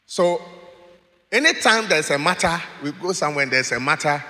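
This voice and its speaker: A man preaching, telling stories in an animated way and laughing as he goes. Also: on the high side, normal speed. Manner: animated, laughs while telling stories, acts out quoted voices. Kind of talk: sermon with storytelling. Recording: long hall reverb.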